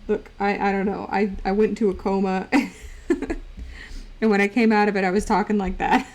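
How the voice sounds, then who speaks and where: A woman's voice: medium pitch, flat delivery, moderate pace, darkish tone. Playful woman streamer doing baby talk. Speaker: livestreamer. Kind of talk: casual stream chat.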